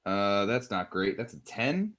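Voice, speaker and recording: A man's voice: lowish voice, sing-song, a little slow, noisy background. A man playing a tabletop game, brash and laid-back, swearing casually. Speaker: player.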